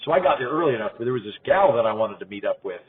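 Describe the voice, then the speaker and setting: Man, rapid lively storyteller, passenger in a car, narrow phone-like sound. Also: medium pitch. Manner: quick, animated storyteller. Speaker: podcast guest, comedian. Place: inside a car, passenger seat. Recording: tinny phone-like car recording.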